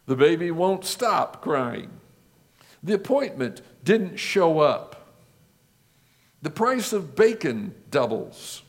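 A man's voice: a little high, sing-song. A male pastor preaching a sermon, building his points with lists and rhetorical questions. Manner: rhetorical questions, measured listing.

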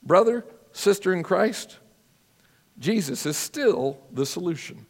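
A man preaching a sermon as a pastor, earnest and measured, telling stories with drama. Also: high-pitched, expressive, big-room sound.

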